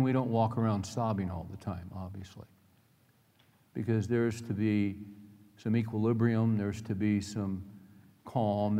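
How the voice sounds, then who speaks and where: A middle-aged male pastor preaches a sermon, earnestly sharing personal stories in plain, folksy language. His voice is fairly low and dark in tone, and a large hall's long reverb surrounds it.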